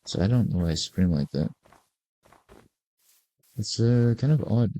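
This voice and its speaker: A man's voice: fairly low pitch, lively intonation, unhurried, dark tone, no room sound. A man in his forties giving casual, rambling gameplay commentary with laid-back, self-mocking asides. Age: 40s. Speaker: gaming video creator.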